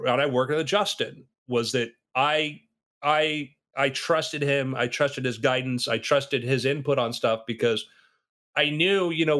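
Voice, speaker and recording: Rambling animated man chatting. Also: mid-range voice. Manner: rambling, animated, does quick impressions. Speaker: writer. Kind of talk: casual podcast chat.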